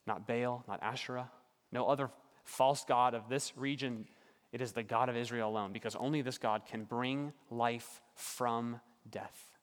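A man preaching a sermon as pastor, earnest, building points through repetition and dropping to quiet emphasis. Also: medium pitch, steady tone, measured pace, in a large hall.

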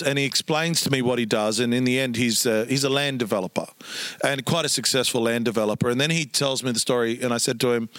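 A man's voice: mid-range voice, a bit bright, dry recording. Man, pastor, earnest storyteller, dry close sound. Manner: earnest, acts out quoted speech. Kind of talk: storytelling in conversation.

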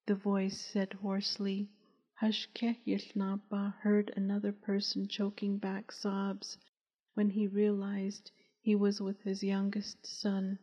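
A woman, the author, reading her own novel aloud as an audiobook in a slow, even, soft-spoken way that often drops into a whisper. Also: medium pitch, breathy edge. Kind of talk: audiobook narration. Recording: dull recording with long reverb.

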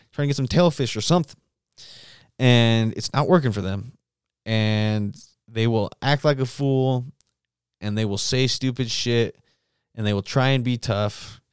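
Male podcast host, swears freely, animated storyteller; smooth, clean voice, dry close sound. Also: medium pitch, dry recording. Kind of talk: solo casual rant.

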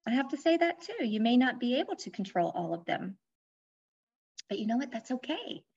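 Candid woman coach, slightly high voice. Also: very animated, a little fast, darkish tone, slightly rough. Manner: candid, reflective, explains with personal examples. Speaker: life coach and author, podcast guest. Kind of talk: casual conversational interview. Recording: dull lo-fi audio.

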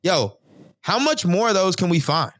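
Man, podcast host, animated slangy talk, fairly high voice, dry sound. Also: moderate pace, no echo. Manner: animated, slangy, says "yo" and "et cetera" often. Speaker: podcast host and business coach. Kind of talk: energetic casual interview.

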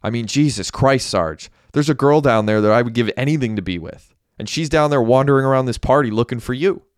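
A man's voice: fairly low pitch, animated, unhurried, a little mellow, no echo, clean studio sound. A man reading a novel aloud, voicing an exasperated young man who rants and scolds his friends. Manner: ranting, exasperated.

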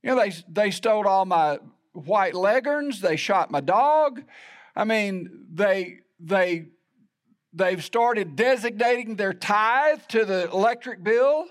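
A man's voice: high-pitched, normal speed. A middle-aged man preaching a sermon in a conversational, storytelling way with self-deprecating humor. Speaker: pastor.

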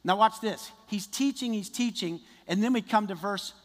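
A man preaching a sermon in a conversational, animated way, often restarting his sentences. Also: high-pitched, normal speed. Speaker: pastor. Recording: long reverb of a large hall.

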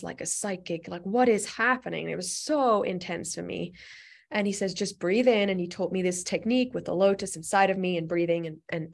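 A young woman telling a personal story in a casual way, with many fillers, often quoting herself and others. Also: lowish voice. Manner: animated, lots of fillers, quotes herself.

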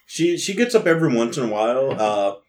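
A man's voice: medium pitch, very animated, quick pace, darkish tone. Rambling man playing a tabletop game. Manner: rambling, many fillers. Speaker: player. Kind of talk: tabletop role-play, describing his character.

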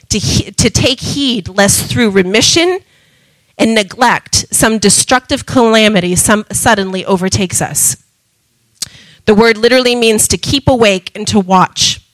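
A woman preaching a sermon with passion, going from loud emphatic calls to soft asides. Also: medium pitch, a little slow, no echo, low-quality recording.

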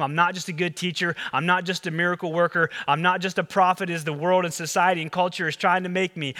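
A man preaching a sermon as pastor, animated, acting out the people in the story. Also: big-room sound. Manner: animated, acts out the disciples and Jesus with rising pitch.

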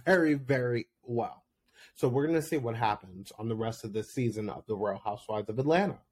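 A man hosting his own reality TV recap podcast, chatting casually and expressively, with frequent laughs and his voice jumping up when he gets excited. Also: mid-range voice, a little fast, slightly rough.

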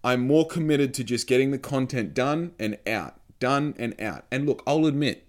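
A man's voice: medium pitch, normal speed. A man casually vlogging to camera, blunt and sarcastic, swearing freely, recorded on a phone mic. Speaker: podcaster and vlogger. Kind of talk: casual talking-to-camera vlog. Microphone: phone microphone.

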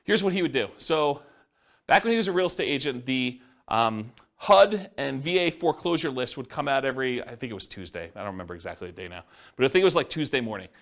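A man in middle age talks fast through a live class in a meeting room. His delivery is casual and rambling, full of asides and fillers, with a pitch that sits in an ordinary middle range. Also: lively intonation, a bit bright. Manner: casual, rambling, self-described introvert. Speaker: real estate investing instructor. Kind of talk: classroom lecture.

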